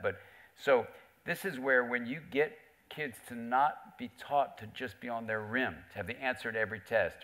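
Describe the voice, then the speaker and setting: A middle-aged man telling stories on a theater stage, acting out the voices of the people he quotes. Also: mid-range voice. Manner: animated storyteller, acts out quoted voices. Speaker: author and psychiatrist guest. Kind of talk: storytelling on stage in conversation. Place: theater stage before an audience.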